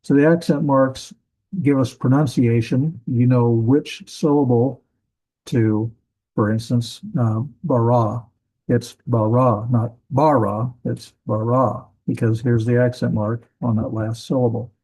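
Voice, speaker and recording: A man's voice: mid-range voice, fairly even intonation, unhurried, warm tone, breathy edge, low-quality recording. A man teaching a class on biblical language, explaining step by step with frequent fillers and restarts. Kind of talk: classroom lecture.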